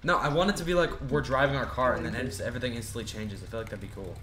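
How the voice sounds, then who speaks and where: A man's voice: mid-range voice, racing, a crowd in the background. A man hosting a casual gaming voice chat, exasperated as he directs the others through a scene. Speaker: channel host directing a game video.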